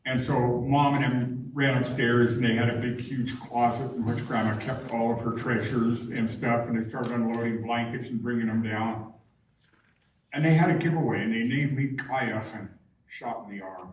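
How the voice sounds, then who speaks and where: A man's voice: medium pitch, steady tone, moderate pace. A man telling a personal story to a live audience in a meandering, conversational way, often restarting his sentences. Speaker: guest speaker. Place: large barn hall. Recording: very echoey hall, distant mic, faint noise.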